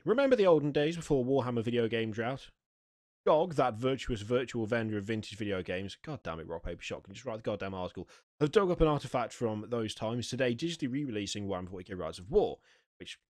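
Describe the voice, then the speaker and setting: A man's voice: medium pitch, no room sound. A man hosting a podcast, reading gaming news aloud and swearing freely between asides. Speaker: podcast host. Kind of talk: casual news chat. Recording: dry close mic.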